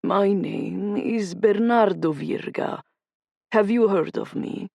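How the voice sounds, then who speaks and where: A woman voicing an older Sicilian crime boss with an Italian accent, speaking slowly and coldly. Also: medium pitch, vocal fry, dark tone, dry recording, pitched above the performer's own voice. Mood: menacing. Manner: slow, deliberate, commanding.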